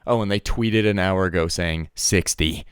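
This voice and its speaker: A young man co-hosting a podcast, chatting casually about esports news with lots of laughing and squeaky impressions of players. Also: moderate pace, smooth, dry recording, clean studio sound. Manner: laughing, mimics players in high squeaky voices. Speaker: podcast co-host.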